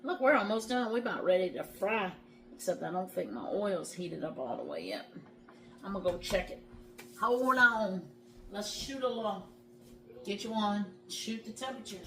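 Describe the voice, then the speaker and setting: A middle-aged woman chats her way through a home cooking video, folksy and easygoing, speaking straight to her viewers and breaking into laughter often. Her voice sits at an ordinary middle pitch. Faint kitchen clatter of pots and dishes runs underneath. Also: very animated, normal speed, fairly bright tone, slight background noise. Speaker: home cooking show host. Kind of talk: casual cooking vlog chat.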